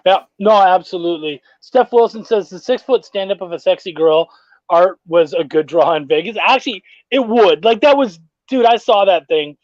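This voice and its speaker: A man hosting a podcast interview, chatting casually, swearing often and jumping up in pitch when he is incredulous. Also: expressive, moderate pace, no echo, dull audio. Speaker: podcast host.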